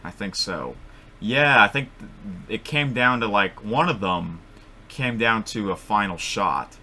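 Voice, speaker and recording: Guy rambling slowly at his computer mic, bright kinda tense voice, keeps correcting himself. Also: on the low side. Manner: rambling, self-correcting, sudden excited outbursts. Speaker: vlogger making bracket picks. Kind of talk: casual thinking-aloud commentary. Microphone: computer microphone.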